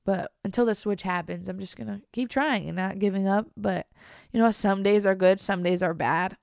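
A young woman talking casually and confessionally as a vlogger, halting and trailing off, soft and downcast, at times almost whispering. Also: medium pitch, creaky, clean tone, dry recording, clean studio sound. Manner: halting, trails off, many restarts and fillers.

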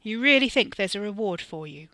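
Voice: medium pitch, flat delivery, brisk, sharp tone, no room sound, studio quality, lightly acted. A narrator doing a scornful captive seer. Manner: muttering, scornful. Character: defiant young man, captive seer, scornful. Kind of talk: audiobook character reading.

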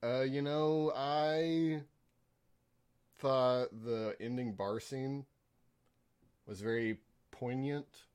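An American man co-hosting a casual podcast, talking about films hesitantly with many pauses and restarts. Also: mid-range voice, fairly even intonation, clear, resonant tone. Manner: hesitant, many fillers and restarts, laughs softly. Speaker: podcast co-host. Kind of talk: casual film review chat.

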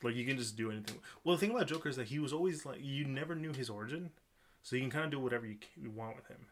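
A man's voice: mid-range voice, very fast, a little hiss or hum. A man co-hosting a casual podcast, rambling and often restarting his sentences. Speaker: podcast co-host. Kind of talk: casual chat.

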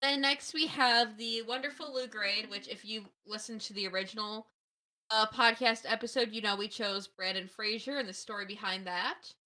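A woman co-hosting a podcast in casual chat, joking in a playful, deadpan way. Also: a little high, moderate pace. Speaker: podcast co-host.

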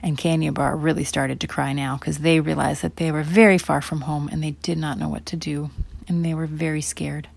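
A woman improvising a children's story for her child in a gentle, rambling way, looping back over her phrases. Her voice sits fairly low, and the recording is dry with no room sound. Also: little pitch movement, brisk, vocal fry, dry recording.

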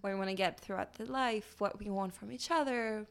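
A woman's voice: mid-range voice, a little fast, creaky. Chatty woman guest telling a story. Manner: chatty storyteller, breaks into laughter often. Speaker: podcast guest. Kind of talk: casual chat, storytelling.

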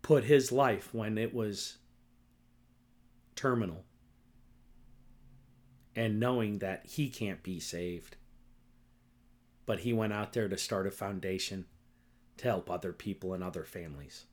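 A man's voice: on the low side, unhurried, long pauses, darkish tone. A middle-aged man hosting a solo podcast, ranting angrily and with lots of profanity, often tagging his points with "right?" and "okay?". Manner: repetitive, keeps asking "right?" and "okay?". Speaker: podcast host.

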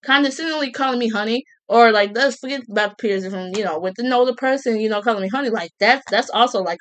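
A woman ranting casually to her viewers, sassy and animated, with colloquial speech, repeated words and mocking quoted voices. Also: on the high side, quick pace, hardly any pauses. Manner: colloquial, with many restarts and repeats. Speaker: vlogger. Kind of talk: casual rant to camera.

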